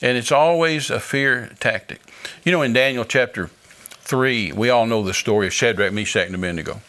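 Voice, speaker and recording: An older man, an evangelist guest, telling a testimony in a folksy, animated preaching style. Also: medium pitch, a little fast. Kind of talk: storytelling testimony.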